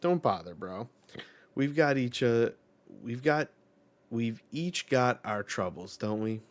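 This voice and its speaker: A man's voice: mid-range voice, expressive, takes it slowly. A man voicing a cheerful young male musician who laughs a lot, read aloud from a manga. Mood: cheery. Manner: upbeat, laughing, friendly.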